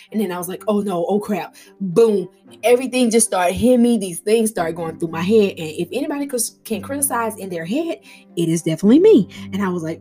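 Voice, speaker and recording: A young adult woman hosting a podcast, telling a rambling personal story in a casual, animated way with frequent laughter and restarts. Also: medium pitch, fast, breathy edge, soft background music. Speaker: podcast host.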